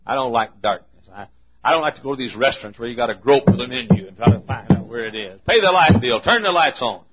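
A man preaching a sermon, telling folksy stories and swinging between hushed asides and emphatic points. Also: medium pitch, animated, fast, heavy background noise. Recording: muffled lo-fi recording.

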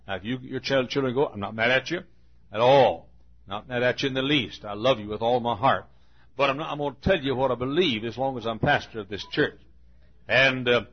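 A male pastor preaching a fiery sermon with dramatic pauses and repeated refrains. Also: medium pitch, slightly rough, highs cut off.

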